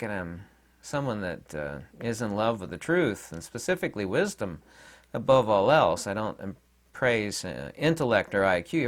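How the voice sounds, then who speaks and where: A middle-aged man hosting his own video channel, telling rambling anecdotes in a blunt, opinionated casual monologue. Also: lowish voice. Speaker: video host.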